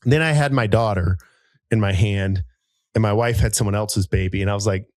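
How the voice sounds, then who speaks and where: A man in his thirties, a podcast co-host telling a rambling, animated story with many fillers and jumps into high voices for people he quotes. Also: fairly quick, no echo. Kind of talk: casual storytelling chat.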